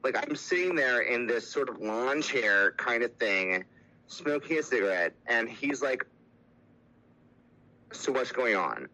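A young man telling his own story of addiction and recovery, candid and halting, with many fillers and restarts. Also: mid-range voice, animated, pushed and bright, poor audio.

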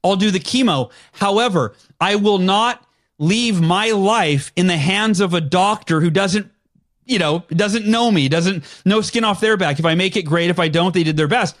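A man with a notably high-pitched voice tells his personal story as an interview guest. He speaks earnestly, with firm conviction, and clears his throat now and then. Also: normal speed, fairly bright tone. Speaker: podcast guest.

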